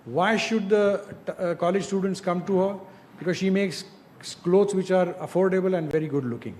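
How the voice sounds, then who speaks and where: A man's voice: high voice, moderate pace, a little mellow, slight background noise. A man giving direct, coaching advice to students in an informal talk, often asking rhetorical questions. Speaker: industry speaker mentoring students.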